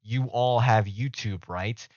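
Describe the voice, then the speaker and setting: A man's voice: mid-range voice, takes it slowly, darkish tone, no room sound. A young man streaming live, rambling casually and joking with his chat. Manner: rambling, self-mocking, talks to chat. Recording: dull dry home mic audio.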